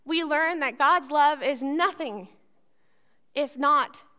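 A woman's voice: sits high, measured pace. A woman pastor preaching a sermon, telling a personal story and acting out the voices in it. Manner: animated storytelling, acts out voices.

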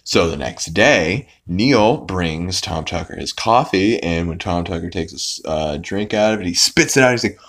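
A man's voice: sits low, expressive, moderate pace, few pauses, fairly bright tone. A young man casually recapping a cartoon episode, rambling with fillers, restarts and swearing. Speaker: podcast host.

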